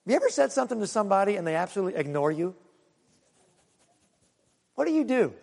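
A male pastor preaching a sermon, swinging between loud calls and quiet low asides. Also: sing-song, fast talker, gravelly, pauses often, long reverb tail.

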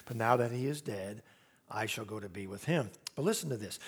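A man preaching a sermon, telling stories and acting out quotes, swinging from loud rising emphasis to very soft low tones. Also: brisk, slightly rough. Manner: storytelling preacher who acts out quotes. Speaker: pastor.

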